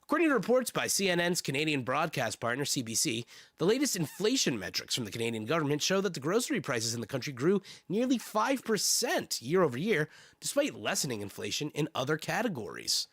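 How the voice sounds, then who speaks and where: A man's voice: fairly high pitch, huge pitch swings, a little fast, a bit bright, slightly rough, no echo, clean studio sound. A man streaming casually, reading news aloud with sardonic, profane asides and laughs.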